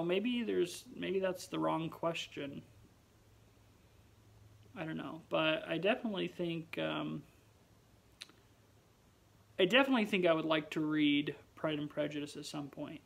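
A man's voice: fairly high pitch, unhurried, gravelly, long pauses, fairly bright tone, rough recording. A man vlogging in a casual chat to the camera, rambling and musing aloud with wry, self-mocking humor.

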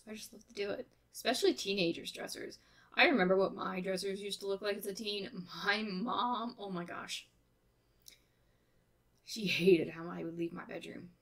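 A woman in her thirties, narrating her game build in a relaxed, rambling, chatty way, a little tired. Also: medium pitch. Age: 30s. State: tired, winding down. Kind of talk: casual voice-over narration of a build.

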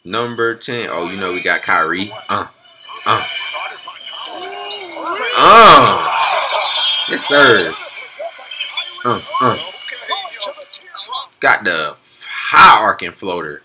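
Hyped young man with a lively voice. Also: deep voice, slow, long pauses, background noise. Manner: excitable, slangy, talks back at the clips. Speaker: reaction video host. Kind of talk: hyped casual commentary.

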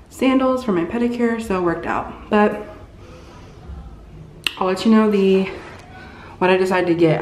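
Slow-talking young woman vlogger. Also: fairly low pitch, a little mellow, slight background noise. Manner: chatty, loose, with many ums and likes. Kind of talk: casual vlog haul chat.

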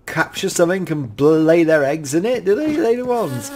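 A British man giving casual, excitable gameplay commentary as a YouTube reviewer, often gasping and exclaiming in wonder. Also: a little high, moderate pace, hardly any pauses. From United Kingdom.

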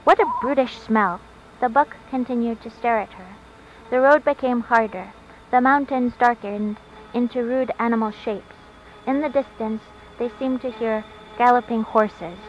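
A woman reading a short story aloud in a calm, even storytelling way, recorded on a dull lo-fi track with faint hiss. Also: fairly high pitch, moderate pace. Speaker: narrator.

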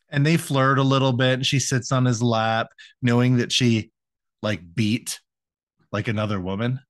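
A man's voice: medium pitch, steady tone, measured pace. A young man co-hosting a podcast, retelling an episode in a loose, profane, laughing way. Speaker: podcast co-host. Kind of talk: casual recap chat.

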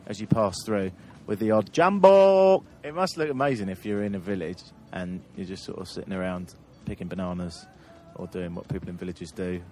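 A man's voice: low-pitched, fairly even intonation, a little fast, hardly any pauses, darkish tone, soft background music. A man hosting a travel podcast, telling road-trip anecdotes in casual chat and laughing through them.

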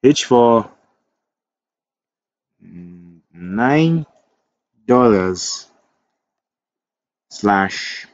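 A man with a fairly low voice talks through a coding tutorial while he types. He thinks aloud, fixes his own slips and wanders into chatty asides. The sound is dry and a little dull and lo-fi. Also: expressive, drawn-out words, long pauses, dry recording. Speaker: web development tutor. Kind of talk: screen-recorded coding tutorial.

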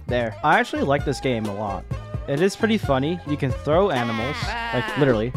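A man giving let's-play commentary on a game, excitable and exclaiming with frequent laughs. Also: mid-range voice, brisk, music in the background. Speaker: gaming YouTuber.

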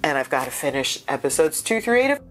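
A woman hosting a reaction video in casual chat, excitable and gushing, sounding stuffed up from crying. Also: fast talker, faint music behind. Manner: excitable, gushing, with big pitch jumps.

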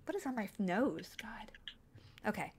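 A woman's voice: medium pitch, unhurried, slight background noise. A woman live-streaming a video game, chatting casually and yelping and swearing at what happens on screen. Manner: excitable, yelps and swears at the game.

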